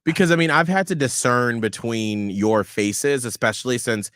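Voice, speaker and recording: A man co-hosting a radio show in casual chat, expressive and acting out voices in his stories. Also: medium pitch, moderate pace, clear, resonant tone, no room sound, clean studio sound. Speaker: radio co-host.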